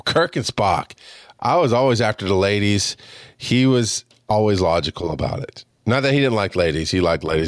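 A man in his thirties telling personal stories as a podcast host, expressive and casual, swearing freely and acting out what people said. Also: on the low side, moderate pace, dry recording, studio quality. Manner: expressive, swears casually, acts out quoted dialogue. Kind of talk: personal storytelling monologue.

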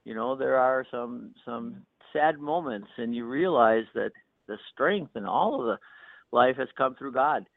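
A man in his sixties tells a personal story with soft chuckles and plenty of "you know" fillers. His voice comes over a tinny phone line and sounds dry and close. His pitch sits in a middle range for a man. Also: unhurried, vocal fry, no echo. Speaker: pastor and author. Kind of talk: telling a personal story in an interview.

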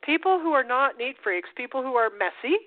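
A woman co-hosting a talk show, explaining in a casual, animated way and acting out the voices she quotes. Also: high voice, brisk, dry recording. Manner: animated, acts out quoted voices, repeats phrases. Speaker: podcast co-host. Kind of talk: casual conversational coaching talk. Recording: tinny phone-like line.

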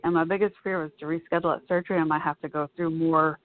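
A woman's voice: sits low, fairly even intonation, fast talker, few pauses. A woman vlogger telling a personal story in a casual, chatty way, full of "you know" asides. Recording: dry, tinny phone-like sound.

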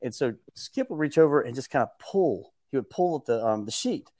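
Animated man telling stories. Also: mid-range voice, a little fast, few pauses. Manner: lively, acts out quotes with raised voice, laughs often. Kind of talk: casual podcast storytelling.

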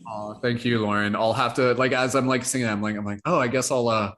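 A man's voice: mid-range voice, steady tone, fairly quick, fairly bright tone, a little hiss or hum. A man hosting an online workshop, chatting casually over a video call, rambling with plenty of fillers. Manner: rambling, full of fillers like "like" and "you know". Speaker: workshop host.

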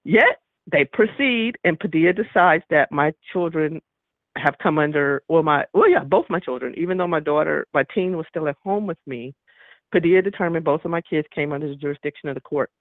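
A man's voice: a little high, a little fast, no echo. A man calling in to a radio show, telling his story emphatically and acting out the dialogue. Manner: indignant, emphatic, acts out quoted dialogue. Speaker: caller. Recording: tinny phone line, dry.

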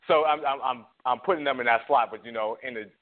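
A man's voice: mid-range voice, fast. A man co-hosting a casual sports talk show, a little out of breath, rambling and repeating himself with laughs. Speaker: co-host. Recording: tinny phone line.

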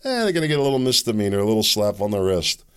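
A man's voice: on the low side, big pitch swings, very fast, clean tone. A man hosting a solo commentary show, rambling and opinionated, with sardonic asides. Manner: rambling, opinionated, sardonic, with mocking put-on quotes. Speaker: podcast host.

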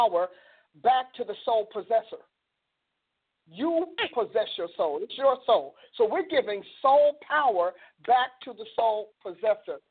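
Animated woman host on a phone-like line. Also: on the high side, husky. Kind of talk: radio talk show with a religious theme. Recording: phone-like band-limited audio.

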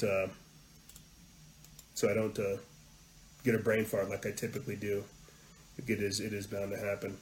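A man's voice: medium pitch, low-quality recording. Ranting male podcast host. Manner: heated, ranting, swings between muttering and loud emphasis; profane at peaks. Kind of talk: political podcast rant.

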